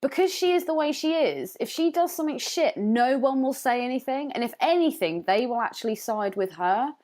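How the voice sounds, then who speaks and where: A woman's voice: sits high, expressive, brisk, a little mellow. Blunt woman podcast co-host. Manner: blunt, emphatic, swears freely. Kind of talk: casual podcast chat.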